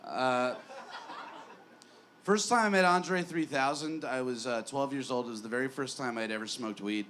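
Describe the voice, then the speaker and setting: A man's voice: mid-range voice, normal speed, a bit bright. Guy in his 20s doing standup at a bar, rambly, self-mocking, trips over his words, bit of faint noise behind. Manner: rambling, self-deprecating, with stammered restarts. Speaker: stand-up comedian. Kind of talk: stand-up comedy set. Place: small bar.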